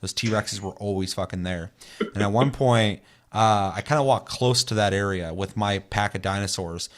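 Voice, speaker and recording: A man's voice: fairly low pitch, normal speed. A young man co-hosting a gaming podcast, telling long, rambling stories full of swearing in casual chat. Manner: rambling, profane storytelling. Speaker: podcast co-host.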